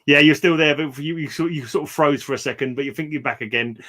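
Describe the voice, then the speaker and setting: Man, host, casual chat, relaxed, rambling questions, laughs easily, slightly high voice. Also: fast talker.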